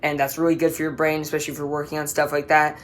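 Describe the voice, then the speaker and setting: A woman's voice: low-pitched, completely flat delivery, very fast. A woman giving a class presentation as a student, explaining with playful analogies and talking straight to the listener.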